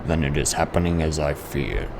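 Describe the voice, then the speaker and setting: A man voicing a grave, secretive doctor in a mixed, partly German accent, formal and measured. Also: a bass voice, creaky, background noise. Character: grave older male doctor, secretive and worried. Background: game music.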